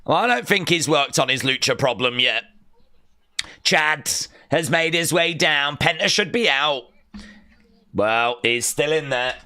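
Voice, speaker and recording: A man giving live reaction commentary in a bright, slightly high voice. He talks at an easy, unhurried pace, but his pitch leaps around with excitement and mock outrage. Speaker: wrestling watch-along streamer.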